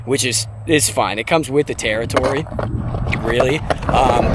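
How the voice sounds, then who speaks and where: A man in his late twenties vlogging from his car and then an outdoor skate park, talking in a rambling, joking, offhand way and swearing now and then. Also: on the high side. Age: late 20s. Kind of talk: casual vlog chat. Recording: outdoor wind and traffic noise.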